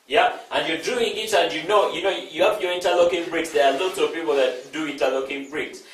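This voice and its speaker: A man from East Africa giving an inspirational storytelling talk, animated, repeating phrases and asking the audience questions. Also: fairly high pitch. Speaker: inspirational speaker. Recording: very echoey hall, speaker far from mic, faint noise.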